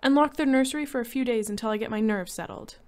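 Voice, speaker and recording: A woman voicing a frightened, tearful housewife, speaking high and tense in a story reading. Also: quick pace, darkish tone, close to an everyday voice. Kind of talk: reading a short story aloud.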